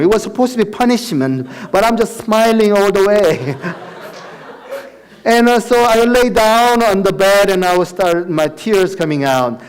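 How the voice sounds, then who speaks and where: Brief: male missionary speaker, church testimony, slightly high voice, laughs through his story. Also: lively intonation, normal speed. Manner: storytelling, acts out dialogue, laughs often. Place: church sanctuary.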